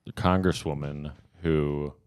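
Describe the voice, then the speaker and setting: Very deep-voiced man joking around. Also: fairly even intonation, slow pace, darkish tone, smooth. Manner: rambling, jokey, frequent restarts. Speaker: podcast co-host. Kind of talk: casual comedy chat.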